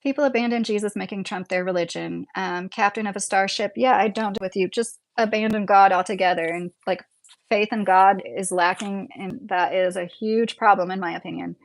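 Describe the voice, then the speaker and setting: A woman's voice: mid-range voice, fairly even intonation, moderate pace, gravelly. A woman in her thirties or forties with a Midwestern accent, rambling casually as she hosts a livestream and reads chat, laughing often. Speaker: livestream host reading chat.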